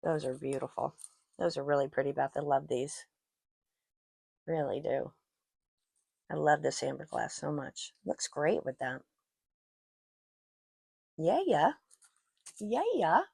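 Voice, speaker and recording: Low, gravelly-voiced chatty woman. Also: animated, slow pace, pauses often, a little mellow, no room sound. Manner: chatty, gushing, self-deprecating asides. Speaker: jewelry channel host. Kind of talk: casual show-and-tell chat. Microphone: personal microphone worn while talking.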